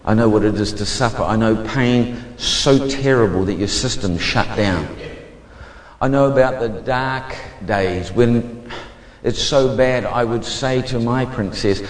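A man giving a fervent testimony sermon as a preacher, moving between hushed and emphatic speech. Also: mid-range voice, unhurried, reverberant, long reverb tail.

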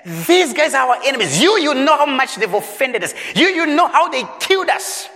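A man's voice: very high-pitched, very animated, normal speed, creaky, pushed and bright, voice pushed up, full character voice. A preacher putting on the voice of the prophet Jonah, an angry, bitter man who pleads in a raised voice. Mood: bitter, pleading. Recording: long reverb in a large hall.

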